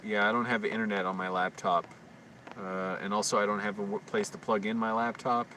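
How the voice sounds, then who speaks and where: A man's voice: lowish voice, little pitch movement, a little fast, bright, forceful tone, distant mic, slight background noise, rough recording. A man live-streaming from his car at night, rambling casually with lots of fillers and swearing. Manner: rambling, swears freely, many fillers and restarts. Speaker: vlogger livestreaming. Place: in or near a parked car by a park at night.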